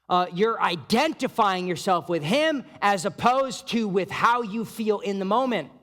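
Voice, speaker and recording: A man's voice: fairly high pitch, fairly bright tone. A man preaching a sermon as pastor, in a casual, conversational way, often asking "right?" and acting out the thoughts of his listeners. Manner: conversational preaching, many rhetorical "right?" checks, acts out inner thoughts. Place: church hall. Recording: long hall reverb.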